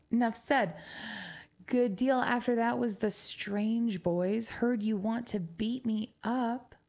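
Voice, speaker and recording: A woman's voice: medium pitch, vocal fry, darkish tone. A woman from New Mexico with a Southwestern twang, chatting casually as a radio DJ between songs, wry and laughing often.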